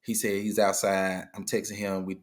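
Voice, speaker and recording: A man's voice: low voice, normal speed. A middle-aged man, a guest telling a story in casual conversation and acting out the people he quotes. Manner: animated retelling, acting out quoted dialogue.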